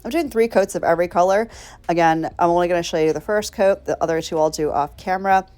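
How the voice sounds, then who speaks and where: A woman's voice: lowish voice, fast, darkish tone. Chatty, rambling woman with a drawl. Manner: bubbly, rambling, addresses viewers directly. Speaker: nail art creator. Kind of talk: casual chatty tutorial.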